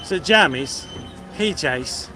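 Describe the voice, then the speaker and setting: A man's voice: on the high side, animated, slow pace, background noise. A man casually hosting a walking livestream, chatting and joking as he strolls around. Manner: chatty, meandering, with light jokes. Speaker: livestream host. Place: outdoor theme park walkway. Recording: busy theme park crowd behind.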